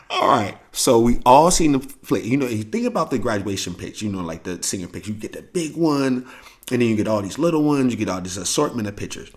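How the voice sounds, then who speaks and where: Animated St. man telling stories. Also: medium pitch, fairly quick, slightly rough. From St. Louis, USA. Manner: animated, profane storytelling with quoted voices and laughs. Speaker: podcast host. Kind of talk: casual storytelling.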